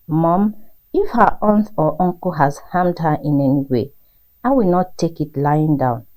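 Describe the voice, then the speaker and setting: Woman voicing an earnest young man, pleading tone, low and mellow. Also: unhurried. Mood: protective.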